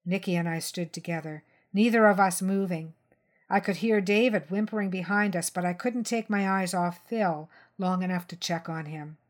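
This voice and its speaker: A woman reading a crime short story aloud in first person, steady and tense. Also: lowish voice, normal speed. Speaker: story reader.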